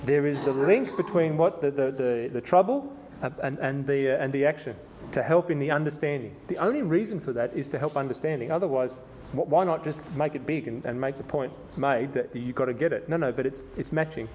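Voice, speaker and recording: A man preaching through a Bible passage, stumbling and restarting as he explains, then reading scripture slowly and with emphasis. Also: mid-range voice, darkish tone, slight background noise. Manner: conversational, with frequent restarts and repetitions. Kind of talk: sermon, Bible exposition.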